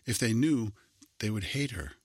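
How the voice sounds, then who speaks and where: A man narrating a children's story in an even, measured reading voice. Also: fairly low pitch, slightly rough, no room sound, studio quality.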